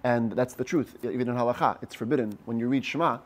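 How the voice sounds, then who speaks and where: A man, a rabbi, giving a text study class, reading Hebrew phrases slowly and explaining each one in English. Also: medium pitch, slight background noise.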